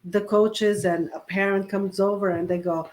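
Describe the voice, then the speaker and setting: A woman in casual conversation, telling a parenting story with animated energy and acting out the dialogue. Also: mid-range voice, moderate pace. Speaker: parent guest. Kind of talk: casual chat.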